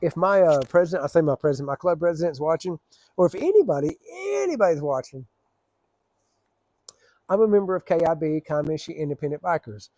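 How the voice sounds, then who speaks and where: A man's voice: a little high, very animated, fairly quick, mellow, no echo. A man telling rambling, profane stories in a casual, laid-back way. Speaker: storyteller. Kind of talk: casual storytelling.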